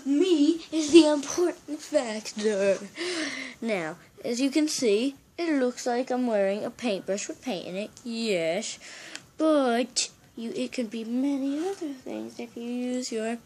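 A woman's voice: on the high side, slow pace, darkish tone, slight background noise. A woman voicing a cocky little male toy figure in a home video skit, talking in a boastful, self-important way. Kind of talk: home video play-acting.

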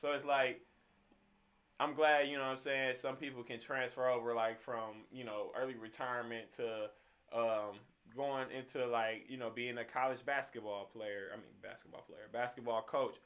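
A man's voice: mid-range voice, fairly even intonation, normal speed, a bit bright. A young man hosting a music reaction video, talking loosely in with lots of slang and fillers. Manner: laid-back, loose slang and frequent fillers. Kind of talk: casual reaction commentary.

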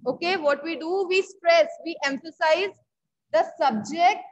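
High-voiced Indian English woman teaching. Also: a little slow, dull audio. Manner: repeats key words, checks with students often. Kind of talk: online class lesson.

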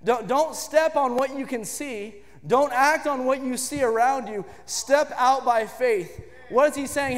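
A man with a strikingly high voice preaches a sermon and builds emphatically into shouted lines. His voice rings with the long reverb of a big church hall. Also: unhurried, few pauses. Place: church sanctuary.

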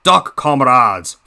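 A man voicing a scheming villainous male diesel engine with a put-on Russian accent, slow, gravelly and menacing. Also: on the low side, sharp tone, heavily acted.

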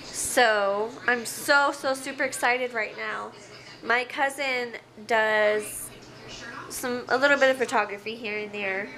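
A woman vlogging casually at home, chatty and excitable. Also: on the high side, takes it slowly, rough recording. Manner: chatty, excitable, sing-song baby talk to her pets. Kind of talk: casual home vlog chat. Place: living room at home. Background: TV show with cheering audience playing.

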